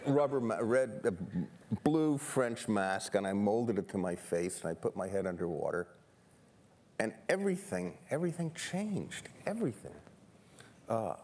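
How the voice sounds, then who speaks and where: An older man from New York City, telling stories on stage as a guest photographer, animated and self-deprecating, often restarting his sentences. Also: on the low side. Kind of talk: humorous stage conversation. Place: seminar stage before an audience.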